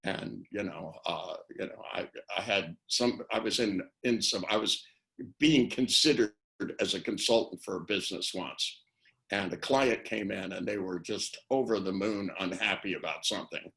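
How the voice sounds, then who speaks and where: This older man's voice is fairly low and sharp-toned, with vocal fry and normal speed. Interviewed on a video call as an NLP trainer, he gives a casual, rambling webinar talk full of anecdotes, acting out the phrases he quotes.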